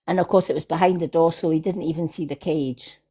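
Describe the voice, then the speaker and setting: Chatty woman telling lively anecdotes. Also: sits low, fast, husky. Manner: chatty anecdotes with frequent laughter. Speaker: tarot reader hosting a live stream. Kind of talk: casual chat, storytelling. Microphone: phone or computer on a live stream.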